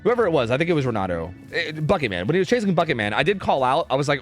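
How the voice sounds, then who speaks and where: A man's voice: on the high side, big pitch swings, racing. Chatty young male stream caster. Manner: chatty, many fillers, reads chat aloud. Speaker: streamer casting game scrims. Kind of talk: casual live commentary. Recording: faint music behind.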